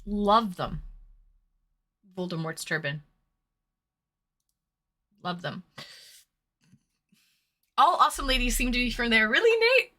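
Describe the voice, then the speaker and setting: Bright lively Massachusetts woman streamer. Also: medium pitch, takes it slowly, pauses often. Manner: chatty, reads chat aloud, eats between words. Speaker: streamer hosting online dates. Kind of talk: casual livestream chat.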